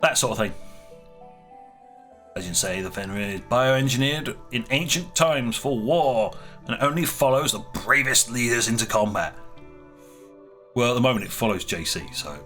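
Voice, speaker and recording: A man's voice: mid-range voice, sing-song, unhurried, pauses often, pushed and bright, soft background music. A man narrating his strategy game playthrough in character, with rambling, playful storytelling. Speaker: let's play narrator.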